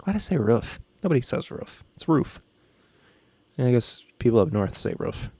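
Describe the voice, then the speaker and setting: A man's voice: medium pitch, sing-song, normal speed, vocal fry, a little mellow, breathy edge, dry recording. Joking Southern man hosting a podcast. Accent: Southern American. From Southern United States. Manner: joking, rambling, reacting to chat. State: a little stressed. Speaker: podcast host. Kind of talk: casual live-stream chat.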